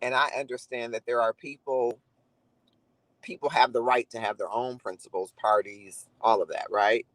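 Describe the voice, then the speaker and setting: A man's voice: mid-range voice, steady tone, normal speed, fairly bright tone, dry recording, poor audio. A man talking earnestly and reflectively to viewers on a live stream, greeting commenters by name. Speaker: livestream host. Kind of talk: casual live chat to viewers.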